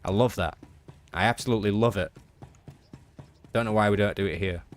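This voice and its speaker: Low-voiced English man chatting on stream. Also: brisk, soft background music. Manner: easygoing, reads and answers chat aloud. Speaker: game streamer. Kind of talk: casual live-stream chat.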